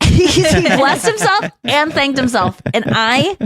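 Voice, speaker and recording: A woman's voice: high voice, unhurried, no room sound, clean studio sound. Gushing woman podcast host. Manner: animated, gushing storyteller. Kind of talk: casual chat.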